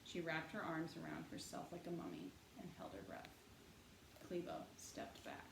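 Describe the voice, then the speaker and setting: A woman narrates an audiobook with an expressive, animated, rather low voice. The reading sounds roomy, with a faint hiss behind it. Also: normal speed, gravelly. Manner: expressive storytelling. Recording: echoey room, faint hiss.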